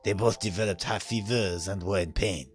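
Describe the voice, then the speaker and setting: A man voicing a gentle, caring young master of cat girls in a fan dub of a visual novel, reading earnestly. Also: low voice, normal speed, faint music behind, pitched below the performer's own voice, close to an everyday voice.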